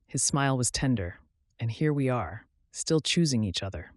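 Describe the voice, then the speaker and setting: A man narrating a romance audiobook in a soft, intimate, unhurried way on a close studio mic. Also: mid-range voice, lively intonation, dry recording.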